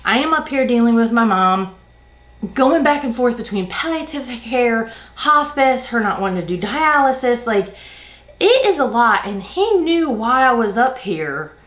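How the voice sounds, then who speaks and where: A woman's voice: a little high, a little slow, roomy sound. A woman venting an exasperated work story in a casual storytime while doing her makeup. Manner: ranting, exasperated, animated retelling. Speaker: beauty vlogger.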